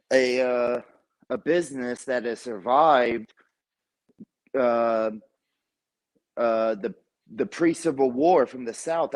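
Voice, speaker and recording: A man's voice: medium pitch, darkish tone, low-quality recording. A man calling into a livestream, lecturing at length with many fillers and restarts. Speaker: caller on a livestream. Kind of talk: casual argumentative chat.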